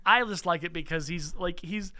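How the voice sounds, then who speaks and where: A man's voice: high-pitched, normal speed, sharp tone, slight background noise. A man co-hosting a podcast in casual chat, enthusiastic and rambling with frequent restarts. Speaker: podcast co-host.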